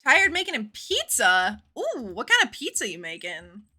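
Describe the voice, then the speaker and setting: A woman streaming a game live, chatting casually with viewers in a bubbly, animated way and swearing freely. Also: on the high side, moderate pace. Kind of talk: casual live-stream chat while gaming.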